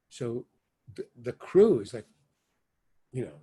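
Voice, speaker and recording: Older guy w a husky voice, rambling on with stories in an interview, gets loud then quiet. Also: medium pitch, takes it slowly, pauses often. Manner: rambling, animated storyteller with sudden loud and soft swings. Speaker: interview guest, actor and stand-up comedian. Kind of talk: casual anecdotal storytelling.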